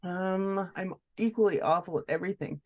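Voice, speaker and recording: A woman's voice: lowish voice, normal speed, darkish tone, no echo. A young woman playing a character in a tabletop game, speaking hesitantly with many restarts. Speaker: player. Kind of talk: tabletop role-play.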